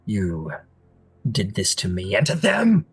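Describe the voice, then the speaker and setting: A man voicing a cruel, cold male fae prince who speaks low and quietly with menace, now and then bursting into shouts. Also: flat delivery, slow, slightly rough, full character voice. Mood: bitter.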